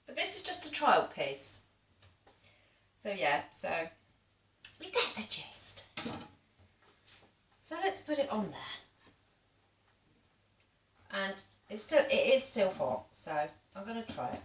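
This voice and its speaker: A woman's voice: mid-range voice, big pitch swings, takes it slowly, pauses often, a bit bright, slight background noise. Chatty British woman in an echoey kitchen. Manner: chatty, rambling, talks while eating. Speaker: vlogger. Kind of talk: casual home cooking vlog. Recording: echoey room, voice from a distance.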